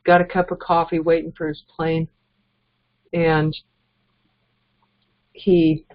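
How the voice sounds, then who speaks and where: This woman trains network marketers with a motivational talk that is relaxed yet sincere, and she laughs softly between points. Her voice is low and level, and she speaks slowly. The audio has a dull, lo-fi quality.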